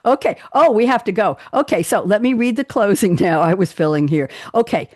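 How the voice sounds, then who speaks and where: A woman's voice: mid-range voice, lively intonation, brisk, darkish tone, no echo, clean studio sound. A woman radio host from Queens with a New York accent, telling jokey stories on a live talk show. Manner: chatty, jokey storyteller.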